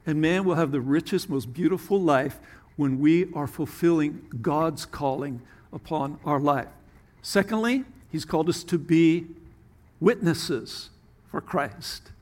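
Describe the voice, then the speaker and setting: Man, pastor, sermon, fairly high voice, earnest, soft hushed asides. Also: measured pace.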